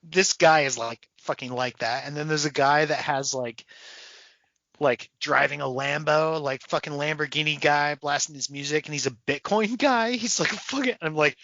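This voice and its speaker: A man co-hosting a podcast in casual chat, animated and profane, acting out voices as he tells a story. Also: a little high, moderate pace, no echo, muffled recording. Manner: animated, swearing, acts out people's voices. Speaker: podcast co-host.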